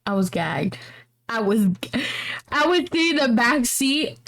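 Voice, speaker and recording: A woman's voice: on the high side, sing-song, takes it slowly, fairly bright tone. A young woman co-hosting a podcast, retelling a story in a casual, slangy, swearing way. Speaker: podcast co-host.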